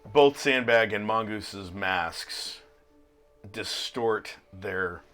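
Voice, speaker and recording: A man's voice: on the low side, drawn-out words, fairly bright tone, faint music behind. A man narrating as game master in a tabletop role-playing session, laughing often and teasing his players.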